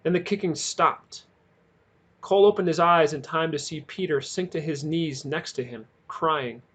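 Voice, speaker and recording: A man reading a novel aloud as an audiobook, with measured narration and dramatic emphasis. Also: on the high side, fairly bright tone, slightly rough. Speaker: audiobook reader.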